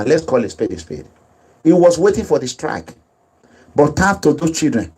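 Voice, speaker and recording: A man's voice: on the high side, darkish tone, husky, low-quality recording. A man with a Nigerian accent giving emphatic, repetitive, preachy commentary as a political activist. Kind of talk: impassioned commentary over video.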